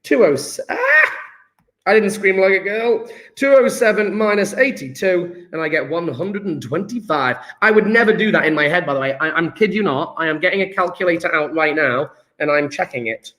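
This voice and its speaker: A young man with a fairly high voice teaching a chemistry lesson to his class. He talks in a chatty, excitable way and keeps breaking off into self-mocking jokes and asides. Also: brisk, hardly any pauses. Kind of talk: live online class lesson.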